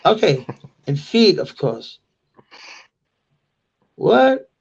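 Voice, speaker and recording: A Danish-native man in his forties chats casually on a live stream with a high, gravelly voice and an unhurried pace. He laughs and swears freely and mocks slang in loud, squeaky quotes. The stream audio is dull and lo-fi. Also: very animated. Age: 40s.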